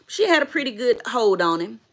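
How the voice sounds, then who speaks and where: A woman's voice: a little high, sing-song, brisk, a bit bright. A middle-aged woman, emotionally retelling a story to her viewers in a repetitive, emphatic way. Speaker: dog owner vlogger.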